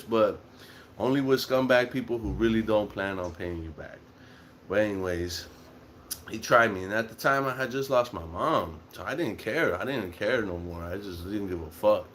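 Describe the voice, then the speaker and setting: A young man tells a story in a casual monologue. His voice sits a little low, and he swears freely and acts out what people said. A faint room hum sits behind him. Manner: profane, animated, acts out quotes.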